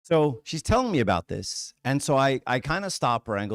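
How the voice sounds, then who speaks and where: A man's voice: medium pitch, big pitch swings, fairly quick, dry recording, clean studio sound. A man giving a conversational talk at church, frank and casual, often checking in with "right?" and "okay?". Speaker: church speaker.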